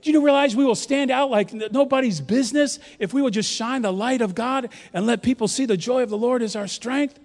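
High-voiced pastor in a reverberant church. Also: male voice, brisk, few pauses. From New York. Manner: animated, joking, leads the crowd in call-and-response. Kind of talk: sermon. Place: large church auditorium. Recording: long hall reverb from a large church.

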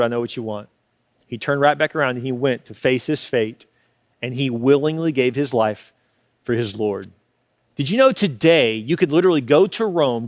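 A man's voice: sits high, no room sound, clean studio sound. A male pastor preaching a passionate sermon and acting out the quoted lines.

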